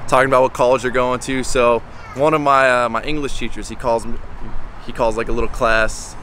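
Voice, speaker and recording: A man's voice: medium pitch, little pitch movement, a little fast, a bit bright, slight background noise. A man in his twenties, a contractor, talking candidly and bluntly in a casual vlog, swearing now and then. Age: 20s.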